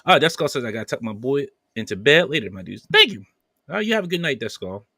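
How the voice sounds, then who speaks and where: A man's voice: mid-range voice, very animated, fast talker, sharp tone, no echo, clean studio sound. A man hosting a podcast, casually reading viewer comments aloud with playful banter and frequent laughter. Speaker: podcast host.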